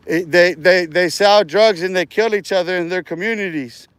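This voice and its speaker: A man's voice: high voice, moderate pace, a bit bright, smooth, dry recording. A man hosting his own livestream, rambling and taunting his viewers in a profane rant, often breaking into laughter. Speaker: livestream host.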